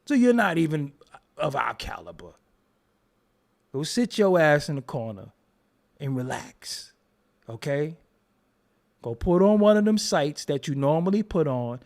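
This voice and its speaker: This middle-aged livestreamer from Brooklyn, New York, whose voice is a little high and a little mellow, rants hotly while answering chat. Confrontational and profane, he mocks his targets and laughs between the jabs.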